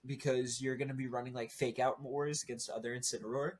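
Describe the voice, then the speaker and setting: A man co-hosting a podcast, talking in a relaxed, rambling way with many fillers. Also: mid-range voice, a little fast, few pauses. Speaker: podcast co-host. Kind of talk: casual chat about competitive game strategy.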